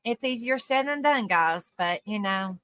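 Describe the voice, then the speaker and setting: Bright-voiced woman, earnest rambling stream talk. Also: mid-range voice, animated, measured pace, smooth, dry recording. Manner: rambling and earnest, heavy on "you know". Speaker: live-stream panel host. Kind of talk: casual live-stream talk.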